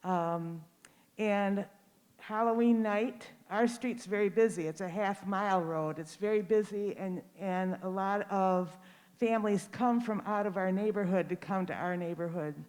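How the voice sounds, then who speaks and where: An older woman from Detroit speaks in a measured, hesitant way at a community listening session. She often pauses on fillers as she goes. Her voice carries a long reverb from a large school hall. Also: mid-range voice, darkish tone. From Detroit, USA. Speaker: community member giving public comment.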